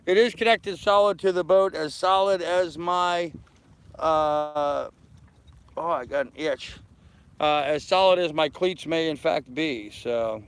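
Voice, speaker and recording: A man's voice: on the high side, slow pace, clean tone. An older man on a live stream from his anchored sailboat, talking to viewers through a handheld phone and answering their comments one by one. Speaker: sailing vlogger. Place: aboard a small anchored sailboat outdoors. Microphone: phone held in hand.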